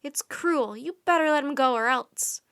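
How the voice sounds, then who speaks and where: A woman's voice: sits high, normal speed, a bit bright. A woman voicing a brave young boy in a storybook reading, firm and earnest. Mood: defiant.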